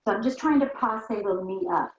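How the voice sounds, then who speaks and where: A woman's voice: mid-range voice, normal speed. A woman teaching a barre workout, counting reps and talking people through the moves while she does them herself, a little out of breath. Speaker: barre fitness instructor. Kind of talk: guided workout instruction. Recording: roomy, dull lo-fi sound.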